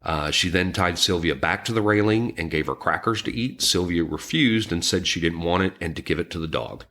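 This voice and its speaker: A man with a low voice narrates a true crime case for a podcast. He speaks somberly and haltingly, pausing on ums and restarting his sentences. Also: sharp tone. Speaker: podcast co-host. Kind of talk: recounting a true crime story.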